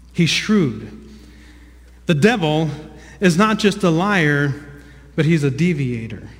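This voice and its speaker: A man's voice: high voice, fairly bright tone. A man preaching a sermon, earnest and teaching, often repeating words and putting questions to his listeners. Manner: earnest teaching, frequent word repeats, asks the congregation questions. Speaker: pastor. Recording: long reverb of a large hall.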